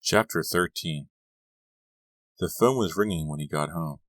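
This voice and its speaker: A man narrating a young adult horror novel in a measured reading. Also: low voice, fairly bright tone, no room sound, studio quality. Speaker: audiobook narrator. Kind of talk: scripted narration.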